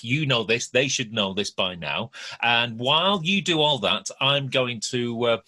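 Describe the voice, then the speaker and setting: Casting: man, pub-quiz host on a video call, husky, bright-toned, jokey. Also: medium pitch. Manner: chatty, jokey, welcoming. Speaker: quizmaster host. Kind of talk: upbeat online quiz hosting.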